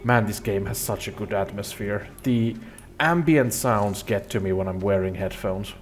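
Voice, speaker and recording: A man's voice: on the low side, moderate pace, a little hiss or hum. A man hosting a let's play, giving rambling, self-deprecating gameplay commentary.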